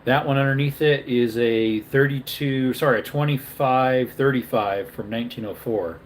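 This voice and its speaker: A tired man hosts a casual livestream and talks loosely to his viewers. He rambles, stops, and corrects himself as he goes, with a yawning, low-energy manner. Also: moderate pace, slight background noise. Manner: rambling, self-correcting, relaxed. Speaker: livestream host.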